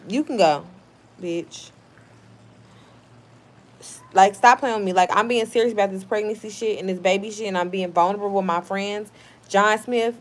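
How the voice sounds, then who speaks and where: Woman, thirties, live streamer, blunt, profane, heated, casual chat. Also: medium pitch.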